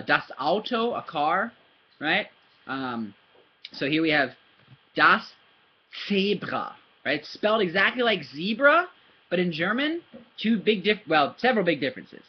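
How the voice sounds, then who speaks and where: Husky guy teaching a kid german words, animated, keeps asking right?, kinda muffled audio. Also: a little high. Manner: patient, encouraging, explains slowly with many "right?" checks. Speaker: language tutor. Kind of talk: casual video lesson for a child. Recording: dull lo-fi recording.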